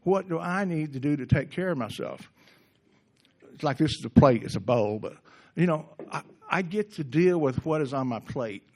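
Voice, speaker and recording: A middle-aged man giving a gentle, reflective recovery workshop talk in a conversational way, often restarting his sentences. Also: fairly high pitch, expressive, moderate pace. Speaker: workshop speaker.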